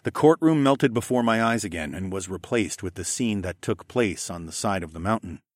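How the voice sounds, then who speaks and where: Expressive low-voiced male narrator. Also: moderate pace, no room sound, clean studio sound. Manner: expressive, acts out dialogue. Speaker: audiobook narrator. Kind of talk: first-person fantasy narration.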